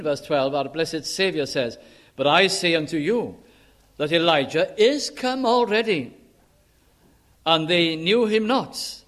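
Emphatic male preacher, high voice. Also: fairly bright tone. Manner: emphatic, stresses key words and slows on scripture quotes. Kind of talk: sermon.

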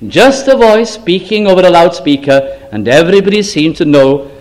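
An older man from Britain preaching a sermon, telling stories with slow, emphatic phrases and self-deprecating asides. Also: high voice, animated, a little mellow.

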